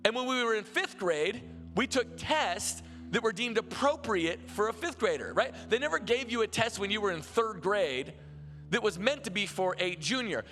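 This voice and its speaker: Pastor guy preaching, high bright voice, super casual storytelling, lots of restarts, live church reverb. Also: normal speed, soft background music. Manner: conversational, animated storytelling with many restarts. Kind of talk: sermon. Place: large church auditorium.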